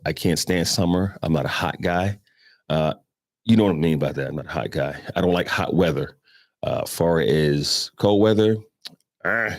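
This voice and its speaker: Man, New York accent, middle-aged, deep voice, rambling profane storytelling, dry close mic. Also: no room sound. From Brooklyn, New York. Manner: rambling, profane, with asides to listeners. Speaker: morning show host. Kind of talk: casual storytelling chat.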